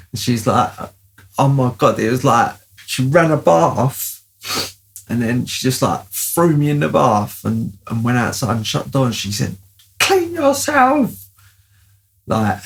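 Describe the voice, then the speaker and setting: A man's voice: mid-range voice, vocal fry. A man telling a childhood story casually, rambling with lots of fillers.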